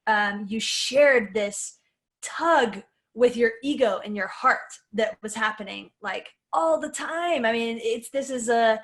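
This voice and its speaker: Woman, podcast host, higher voice, enthusiastic, casual, chatty fillers. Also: slow pace. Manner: enthusiastic, lots of filler words. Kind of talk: casual chat.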